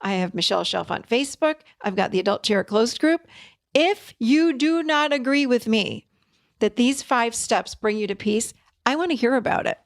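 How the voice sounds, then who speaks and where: A woman's voice: a little high, expressive, normal speed, no echo, studio quality. A middle-aged woman hosting a self-help talk, encouraging listeners in an emphatic way and repeating key words for stress. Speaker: podcast host and therapist.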